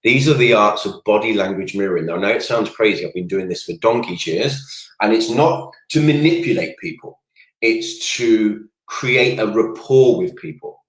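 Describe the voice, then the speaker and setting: A man's voice: on the low side, normal speed. A man coaching viewers on a casual livestream, talking energetically and drifting off on tangents. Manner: energetic, rambling, goes off on tangents. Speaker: network marketing coach. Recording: roomy echoey room sound.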